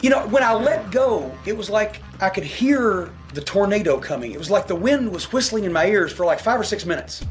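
A man telling a long, profane anecdote in a casual interview, animated and full of asides. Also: high voice, fairly quick, hardly any pauses, soft background music. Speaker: guest telling a story. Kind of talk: casual storytelling.

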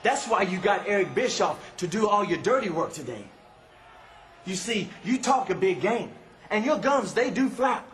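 A pro wrestler trading mocking, theatrical put-downs with a rival in an arena promo. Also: male voice, sits high, expressive, moderate pace, fairly bright tone, slight background noise.

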